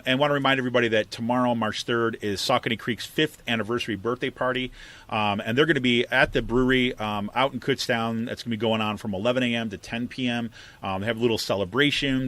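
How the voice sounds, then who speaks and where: A man's voice: lowish voice, fairly bright tone. A man co-hosting a political podcast, chatting casually and rambling with lots of fillers. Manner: rambling, many fillers and asides. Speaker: podcast co-host.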